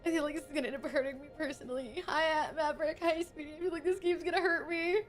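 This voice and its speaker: A high-pitched woman chatting her way through a game on stream. She gushes and exclaims as she plays, swearing casually now and then. Game music plays clearly behind her voice. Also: fast. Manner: excitable, gushing reactions, swears. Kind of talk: casual gameplay commentary.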